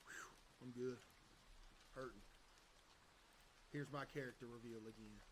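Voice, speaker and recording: A man's voice: mid-range voice, fairly even intonation, unhurried, noisy background. A young man livestreaming in casual chat, joking and bragging in loose slang.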